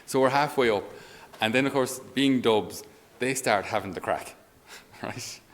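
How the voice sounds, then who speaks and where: An Irish man speaking as a priest in a conversational homily. He is a lively storyteller who often chuckles as he talks. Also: medium pitch, a little slow. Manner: animated storyteller, chuckles while talking.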